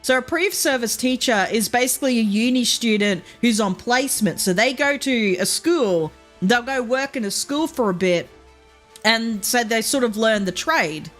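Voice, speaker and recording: A woman's voice: on the high side, normal speed. A young Australian woman chatting casually as a streamer while gaming, rambling, swearing freely and laughing often. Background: faint game music.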